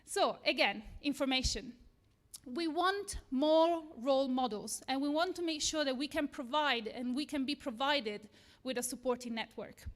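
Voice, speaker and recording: A woman's voice: sits high, normal speed. A woman with an Italian accent giving a nervous but earnest lightning talk to a live audience. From Italy. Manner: earnest, nervous, self-deprecating. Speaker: tech talk speaker. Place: event room with a live audience.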